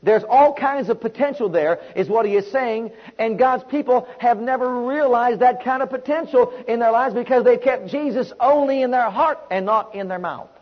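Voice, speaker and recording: A man preaching a sermon with emphatic, repetitive call-and-response delivery and a husky voice. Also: very high voice, normal speed, hardly any pauses, highs cut off.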